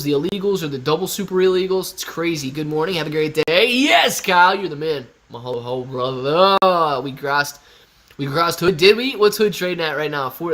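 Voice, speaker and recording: A man's voice: on the high side, a bit bright. A young man from Ohio hosting a casual live stream, reading chat aloud and answering in a loose, upbeat bro-ish way. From Ohio, USA. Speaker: livestream host answering chat.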